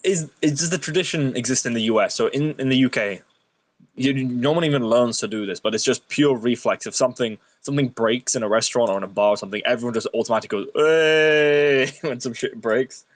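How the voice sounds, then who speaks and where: A man's voice: mid-range voice, fast talker, no echo. A man, a guest on a stream, telling blunt, joking stories in casual chat and swearing freely.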